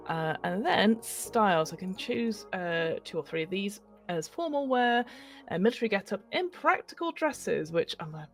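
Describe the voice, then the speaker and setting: A woman's voice: medium pitch, animated, normal speed, faint music behind. A woman hosting a livestreamed tabletop role-playing game as its facilitator, talking in a rambling way full of ums and self-corrections. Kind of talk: casual chat running a tabletop game.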